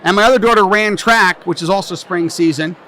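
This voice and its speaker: A man's voice: high voice, a little fast, bright, forceful tone. A middle-aged man from New Jersey, a tax business owner, chatting in an interview as a brash, joking storyteller. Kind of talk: casual interview chat. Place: conference venue.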